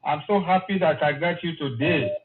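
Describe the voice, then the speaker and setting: A man's voice: fairly high pitch, moderate pace. A man calling in to a live show, earnest and effusive, repeating himself. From Nigeria. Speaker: caller. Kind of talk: phone call to a live show. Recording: tinny phone line.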